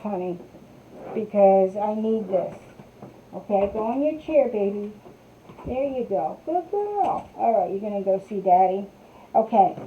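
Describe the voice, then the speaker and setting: A woman talks her way through a live craft session at home, chatting loosely and calling out to viewers as their comments come in. Her voice sits a little high. The sound is thin and tinny, like a phone line. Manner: rambling, chatty, reads viewer comments aloud. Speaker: crafter hosting a live stream. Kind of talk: casual live-stream chat.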